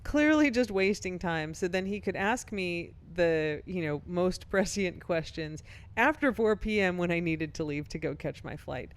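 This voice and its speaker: A middle-aged woman co-hosting a podcast, telling a long story briskly and laughing now and then. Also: on the low side. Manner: brisk anecdotal telling, laughs while talking. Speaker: podcast co-host; professor and author. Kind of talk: casual chat, storytelling.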